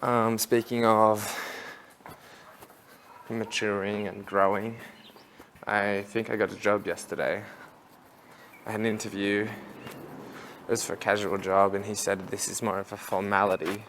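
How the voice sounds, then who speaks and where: A man's voice: lowish voice, level tone, measured pace, pauses often, a bit bright, a little hiss or hum. A young man chatting casually while walking outdoors, rambling and laughing at his own stories. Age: young adult. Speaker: vlogger. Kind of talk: casual walk-and-talk vlog.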